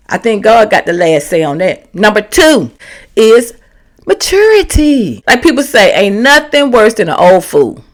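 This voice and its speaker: A woman's voice: fairly high pitch, measured pace. A woman, giving a candid, sassy motivational talk to the camera and acting out the voices she quotes. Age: 50s. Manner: sassy, animated, slangy, acts out quoted voices. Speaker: vlogger and comedian.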